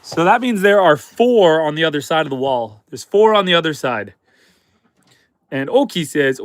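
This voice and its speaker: A man from Canada hosting a homesteading livestream with a head cold, his voice stuffy and slightly hoarse, chatting upbeat with viewers and his animals. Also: fairly high pitch, lively intonation, normal speed, dry recording. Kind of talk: casual livestream chat reading viewer comments. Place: chicken coop on a homestead.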